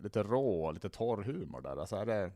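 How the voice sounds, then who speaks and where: A man's voice: fairly low pitch, sing-song, normal speed, mellow, no room sound, clean studio sound. A man whose first language is Swedish, hosting a comedy podcast in a casual chat, hesitant with many fillers and restarts.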